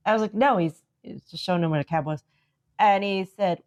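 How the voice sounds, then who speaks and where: Podcast lady with a lowish voice, chatty storyteller, lots of "like". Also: fast talker. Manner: animated storyteller, acts out dialogue, frequent "like". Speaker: podcast co-host. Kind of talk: casual chat.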